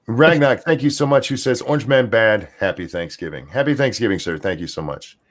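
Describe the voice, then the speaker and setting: A man's voice: on the low side, expressive, brisk. A man co-hosting a livestream in casual chat, reading out and thanking viewers' donations. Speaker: co-host.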